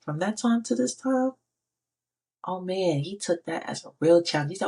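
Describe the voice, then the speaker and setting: A woman's voice: lowish voice, animated, normal speed, creaky, dark tone, husky. A middle-aged woman giving a personal faith testimony, emphatic and repeating her phrases. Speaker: faith speaker.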